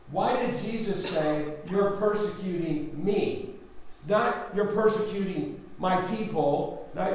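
A man teaching a Bible study with fervent preaching, exclaiming hallelujah and amen, swinging between loud passages and quiet explaining. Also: high-pitched, roomy sound, low-quality recording.

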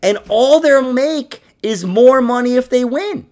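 Sports get this podcast host worked up, his extremely high voice moving a little slowly through loose, casual talk. He's excitable, laughs a lot, and swears freely.

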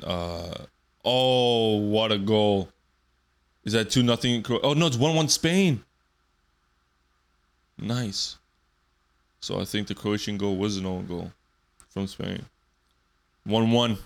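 A man's voice: low voice, creaky, clean tone. A man in his twenties hosting a solo podcast, rambling loosely and swearing often. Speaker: podcast host.

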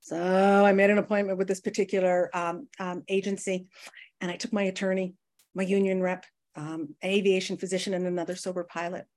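A woman's voice: fairly low pitch, brisk. A woman speaking at a recovery meeting, sharing her story in a conversational way, often checking in with her listeners. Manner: conversational, addresses listeners as guys, frequent tag questions; acts out quoted people with lively voices. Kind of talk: personal recovery share.

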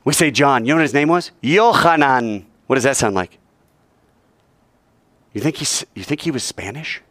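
A man teaching a Bible class, animated and quizzing the class with questions. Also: medium pitch, moderate pace, dry recording.

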